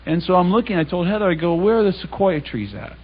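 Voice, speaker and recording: In a dull, lo-fi recording, a man delivers an anecdotal sermon as a public Bible talk, telling stories conversationally and acting out the dialogue by quoting others. His voice is high-pitched and husky, and he talks fast and animatedly.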